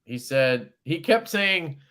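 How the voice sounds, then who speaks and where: A man's voice: fairly high pitch, very animated, takes it slowly, pushed and bright. A man hosting a casual livestream chat, talking in a laid-back way with frequent fillers and casual swearing. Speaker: host of a knife livestream.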